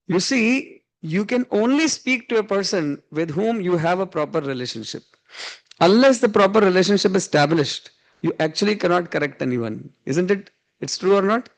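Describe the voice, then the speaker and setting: A male spiritual teacher with an Indian English accent tells a teaching story in a high, gravelly voice. He chuckles often and drops Hindi words into his English. The delivery is animated and conversational. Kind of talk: storytelling sermon. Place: evening class.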